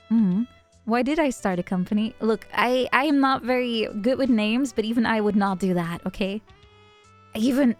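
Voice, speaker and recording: A bubbly woman streamer with a fairly high voice chats easily and laughs often while she greets people by name. Soft music plays low behind her. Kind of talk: casual livestream chat.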